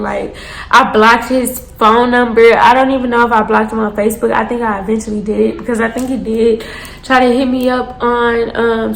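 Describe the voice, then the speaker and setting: Animated woman telling a storytime. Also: on the high side, slight background noise. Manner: animated, slangy, keeps addressing the audience as y'all. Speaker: storytime vlogger. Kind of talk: casual storytelling to viewers. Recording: roomy echo.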